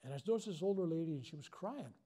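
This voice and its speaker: A man's voice: fairly high pitch, very fast, slightly rough. An older man, a reverend leading a healing workshop, telling stories to a live audience and acting out the voices in them. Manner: animated storyteller acting out quoted voices. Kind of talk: storytelling talk to a live audience. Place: workshop hall.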